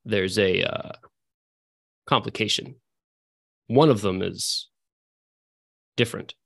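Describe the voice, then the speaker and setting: Brief: a man playing a wary cloaked agent, low and soft-spoken, for a tabletop game. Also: takes it slowly, vocal fry, dry recording, studio quality, heavily acted. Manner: low, quiet, hesitant.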